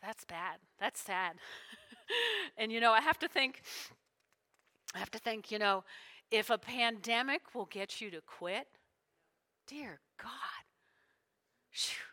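A woman's voice: a little high, lively intonation, slow, pauses often, pushed and bright. A woman pastor preaching a sermon, emotional and full of call-and-response with her congregation.

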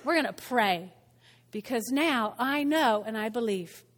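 A woman pastor preaching a sermon in a church, animated and conversational, often asking the congregation questions. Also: on the high side, measured pace. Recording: long church hall reverb.

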